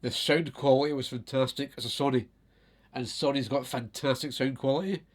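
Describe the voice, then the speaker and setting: A Scottish man chatting to camera in a loose, storytelling way. He is animated, breaks into laughter often and swears without a second thought, at a mid-range pitch. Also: brisk. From Scotland. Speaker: vlogger.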